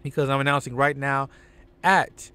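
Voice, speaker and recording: Brief: man as a bossy wrestling promoter, emphatic and high-pitched. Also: steady tone, moderate pace, sharp tone, smooth, natural voice.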